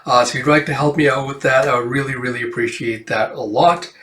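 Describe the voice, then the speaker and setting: A man's voice: medium pitch, fairly even intonation, quick pace, a bit bright. A man casually reading a comic aloud and narrating the panels in a rambling, filler-filled way. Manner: rambling, filler-heavy retelling. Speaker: comic reader. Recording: roomy echo.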